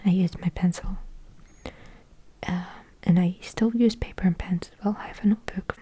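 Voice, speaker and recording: A young woman whispering a soft, musing ASMR ramble into a close microphone, thinking aloud with lots of fillers. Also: fairly low pitch, fairly even intonation, moderate pace, slightly rough, no echo. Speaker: ASMR creator.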